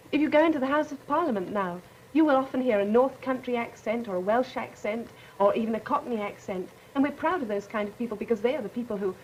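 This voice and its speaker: A woman's voice: fairly high pitch, a little mellow, a little hiss or hum, poor audio. A teenage woman from England with a cultured English accent, speaking articulately and confidently on a 1950s radio panel. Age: teens. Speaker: student delegate on a panel.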